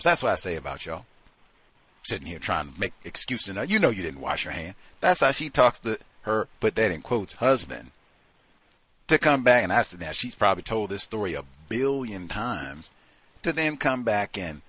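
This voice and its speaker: A man's voice: lowish voice, lively intonation, moderate pace, a bit bright, slightly rough, no room sound. A man hosting a talk show, giving emphatic, incredulous, conversational commentary on listener stories. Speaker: host.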